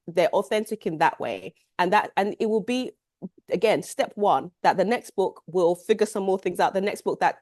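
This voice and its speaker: A woman's voice: mid-range voice, darkish tone, no room sound. Woman, author guest, casual book club chat, many restarts, dry sound. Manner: rambling, many restarts and "you know".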